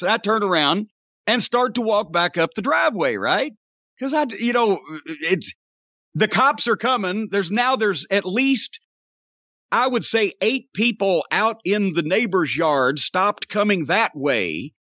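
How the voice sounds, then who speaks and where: A man hosts a podcast and tells a long, profane story, acting out his own yelling along the way. His voice sits very high and sounds sharp and forceful. The recording is dull and lo-fi, with a dry, close sound. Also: unhurried, no room sound. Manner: profane, animated, reenacts shouting. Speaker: podcast host. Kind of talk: storytelling rant.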